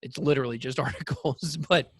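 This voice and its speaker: A man's voice: mid-range voice, steady tone, brisk, fairly bright tone, breathy edge, no echo, studio quality. A man co-hosting a podcast, telling rambling, jokey stories with lots of fillers. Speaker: podcast co-host. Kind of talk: casual chat.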